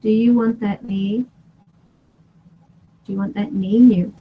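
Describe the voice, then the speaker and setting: Female ghost-hunting vlogger, husky voice, firm and commanding, dull lo-fi recording. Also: medium pitch, fairly even intonation, takes it slowly. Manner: firm, commanding questions to unseen spirits. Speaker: paranormal investigator. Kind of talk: spirit-box session vlog.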